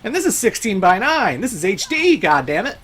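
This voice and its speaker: Casual game commentator, mid-pitched voice, easygoing and chatty, soft music under it. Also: very animated, a little fast, slightly rough. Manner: laid-back, chatty, laughs often, swears casually. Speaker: let's play host.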